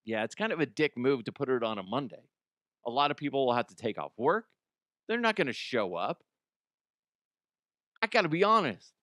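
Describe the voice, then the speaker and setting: Animated, sarcastic man riffing on news. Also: mid-range voice, normal speed, long pauses, no echo, studio quality. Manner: animated, sarcastic, swears a lot, jumps into mocking voices. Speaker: comedy podcast host. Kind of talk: profane comedic news riffing.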